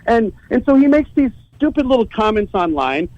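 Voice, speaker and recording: A man's voice: high voice, very animated, moderate pace, darkish tone, no room sound, muffled recording. A man telling a story as a guest on a podcast, casual and profane, often stumbling and repeating words as he starts a sentence.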